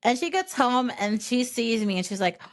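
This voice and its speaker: A woman hosting a podcast who tells a family story in an animated, rambling way, with plenty of swearing. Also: a little high, normal speed. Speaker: podcast host. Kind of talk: casual storytelling chat.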